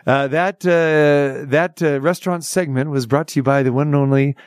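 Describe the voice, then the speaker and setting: A man's voice: fairly high pitch, steady tone, normal speed, smooth, dry recording, clean studio sound. A man hosting a casual chat show, playful and teasing. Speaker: show host.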